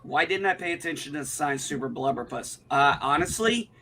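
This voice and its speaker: A man's voice: on the high side, expressive, fairly quick, crowd noise. A man, telling an indignant, profane story in casual chat on a livestream. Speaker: livestream co-host.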